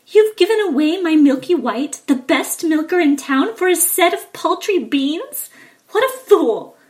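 A woman's voice: sits high, expressive, moderate pace, far from the mic, pitched above the performer's own voice. A woman playing a scolding storybook mother. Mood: furious. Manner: scolding, sharp, loud. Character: stern poor mother, middle-aged, quick to anger.

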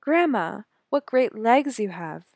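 A woman voicing a curious young girl in a red hood, speaking high and wide-eyed. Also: big pitch swings, slow, gravelly, a little mellow, no room sound, clean studio sound, exaggerated voice. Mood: amazed.

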